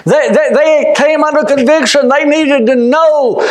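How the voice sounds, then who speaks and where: A man preaching a fervent sermon. He shouts some points, drops to quiet asides for others, and often repeats or restarts his words. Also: extremely high pitch, unhurried. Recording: echoey room.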